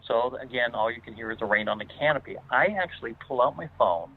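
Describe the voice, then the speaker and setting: A man's voice: medium pitch, quick pace, slightly rough, faint music behind. A man telling a personal story as a guest, rambling with many fillers and restarts. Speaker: guest paranormal investigator. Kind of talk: casual spoken storytelling. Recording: tinny phone line.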